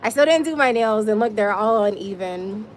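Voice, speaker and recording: A woman's voice: medium pitch, lively intonation, moderate pace, slight background noise. A woman in her forties from Massachusetts, hosting a casual livestream and chatting with viewers by name. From Springfield, Massachusetts, US. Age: 40s. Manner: chatty, reads viewer names aloud and laughs often. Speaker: livestream host. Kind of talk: casual livestream chat reading comments.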